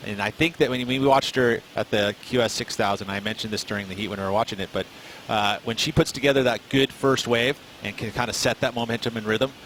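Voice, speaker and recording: Rapid-fire male surf analyst. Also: mid-range voice, a bit bright, slight background noise, rough recording. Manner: analytical, many "I mean" and "kind of" fillers. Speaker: surf commentator, former big wave champion. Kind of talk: post-show sports commentary.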